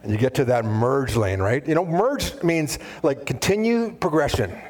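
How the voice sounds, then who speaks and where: A man preaching a sermon as pastor, conversational and animated, full of asides. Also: mid-range voice, moderate pace.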